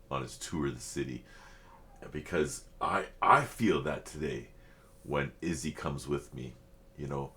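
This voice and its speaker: A middle-aged man hosting a reaction video, talking in a heartfelt, halting way with many fillers and restarts. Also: a bass voice, a bit bright. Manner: heartfelt, openly emotional. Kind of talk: casual reflective chat.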